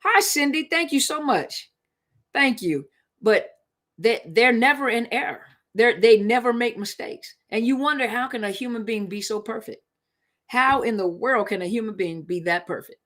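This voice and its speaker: A woman's voice: fairly high pitch, animated, normal speed, fairly bright tone. A woman hosting a casual live stream, speaking in a conversational, emphatic way and repeating her points to drive them home. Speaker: live-stream host on relationships.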